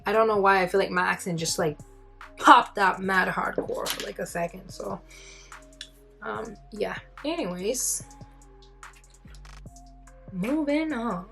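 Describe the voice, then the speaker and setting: A woman's voice: mid-range voice, slow, gravelly, long pauses, a bit bright, faint music behind. Chatty woman doing a makeup tutorial. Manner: chatty, rambling, with fillers and self-deprecating asides. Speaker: beauty vlogger. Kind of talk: casual makeup tutorial chat.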